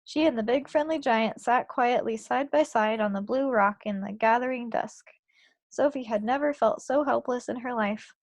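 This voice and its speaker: Woman book club reader, storybook narration, slightly high, gravelly, dry. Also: normal speed, no echo. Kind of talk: reading a children's book aloud.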